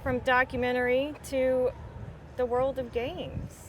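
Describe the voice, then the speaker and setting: Frank upbeat woman, slightly high. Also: level tone, slow, a little hiss or hum. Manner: frank, upbeat, a bit hesitant at first. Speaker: interview guest. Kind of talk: casual interview at a party. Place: outdoor film party.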